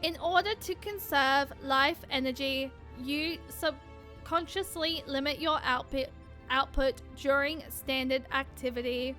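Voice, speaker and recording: A woman voicing a cold, calculating combat machine in a flat robotic monotone, reading game dialogue aloud. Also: high voice, a little slow, faint music behind. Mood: clinical.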